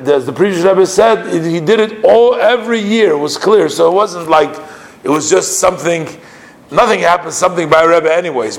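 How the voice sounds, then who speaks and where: A man teaching a class, explaining a text and slowly repeating the key words. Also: on the high side, poor audio.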